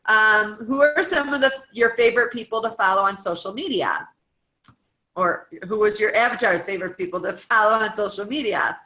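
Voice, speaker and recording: A woman's voice: mid-range voice, moderate pace, bright, forceful tone, rough recording. A woman in her thirties from the United States, giving an informal coaching talk with lots of "um" and "like" and long lists of questions. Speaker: guest speaker coaching fitness coaches. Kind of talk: casual talk walking through a worksheet.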